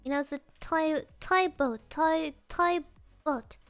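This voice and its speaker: High-voiced giggly woman streamer. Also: slow pace, a bit bright, no room sound, faint music behind. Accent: non-native English accent. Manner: playful and giggly, repeating silly phrases. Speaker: virtual streamer. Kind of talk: casual live stream chat.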